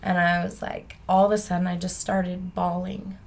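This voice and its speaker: A woman guest on a podcast, telling a personal story in an animated way and acting out the people in it. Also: fairly low pitch, moderate pace, vocal fry. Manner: animated, breaks into laughter, acts out the people in her story.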